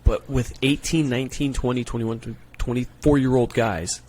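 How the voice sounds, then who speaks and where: Profane, animated man telling stories. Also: medium pitch, moderate pace, slight background noise. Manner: profane, animated storyteller, peppers talk with "right?". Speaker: guest, Marine gunnery sergeant and former recruiter. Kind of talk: casual podcast storytelling.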